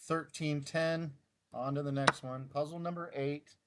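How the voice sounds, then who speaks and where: Slow, muttering man thinking aloud. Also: fairly high pitch, steady tone, very noisy. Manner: mutters through moves, self-deprecating outbursts. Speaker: chess YouTuber solving puzzles. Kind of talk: casual thinking-aloud commentary.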